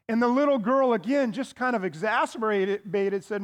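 Very high-voiced male pastor, conversational. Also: moderate pace, few pauses. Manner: conversational, folksy, with playful asides. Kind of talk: sermon.

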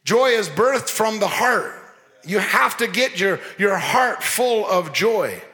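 A man preaching a lively sermon as pastor, joking and mimicking people as he talks. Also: high-pitched, takes it slowly. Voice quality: animated, playful, mimics people. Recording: long hall reverb.

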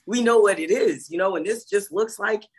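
Man, podcast co-host, husky breathy voice, blunt, emphatic, casual chat. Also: high-pitched, moderate pace. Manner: blunt, emphatic, swears freely.

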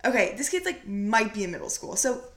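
A young woman talks in a lively, swooping voice as she argues a point with her co-host. Her voice carries a roomy echo, and she fills her speech with casual fillers. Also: fairly high pitch, a little fast. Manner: animated, argumentative, full of fillers. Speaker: podcast co-host. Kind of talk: casual chat.

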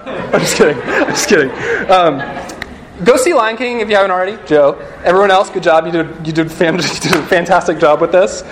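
A man's voice: high voice, slight background noise. Chatty young man preaching to students. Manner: chatty and joking, leans heavily on "like" and "you know". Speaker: speaker at a campus student gathering. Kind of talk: casual sermon-style talk to a live audience. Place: room with a live audience.

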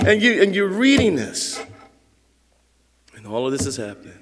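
A man's voice: high-pitched, wildly swooping pitch, normal speed, pauses often, a bit bright, a little hiss or hum. A man preaching a sermon as pastor, in an emphatic, conversational way, acting out the quotes he reads. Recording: long reverb of a large hall.

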